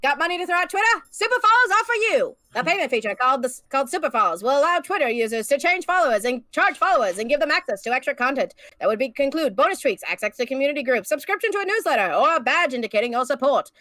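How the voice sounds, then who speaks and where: A woman putting on a brisk 1920s newsreel announcer voice to read out the news. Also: high-pitched, big pitch swings, bright, forceful tone, no room sound, full character voice. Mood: mock-grave. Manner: old-time announcer cadence. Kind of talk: mock news reading.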